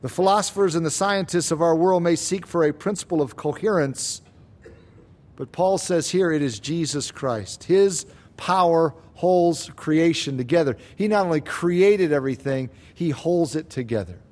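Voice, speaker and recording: A man preaching an expository sermon, emphatic and slowing down on key claims, with rhetorical questions to the congregation. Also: a little high, darkish tone. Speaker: pastor.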